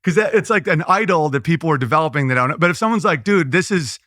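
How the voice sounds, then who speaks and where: A man's voice: a little high, animated, pushed and bright, no echo, studio quality. A man who is a comedian guest, chatting casually in an interview, riffing loosely with frequent "like" fillers and restarts. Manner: loose riffing with quick impressions and asides.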